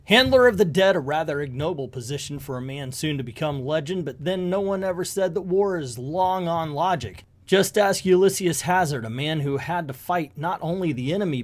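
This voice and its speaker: A man's voice: a little high, animated, normal speed, hardly any pauses. A man reviewing a comic book in casual commentary, hesitant and rambling, with many fillers.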